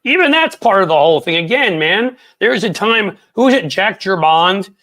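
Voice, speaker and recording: A man hosting a podcast interview, chatty and enthusiastic, with quick asides to his viewers. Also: high-pitched, lively intonation, pushed and bright. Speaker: podcast host.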